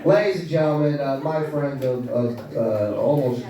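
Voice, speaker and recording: A man's voice: mid-range voice, normal speed. A man doing a stand-up comedy set with sarcastic, profane storytelling, recorded live in a comedy club. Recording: echoey club room, crowd noise, from far off. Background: audience laughter.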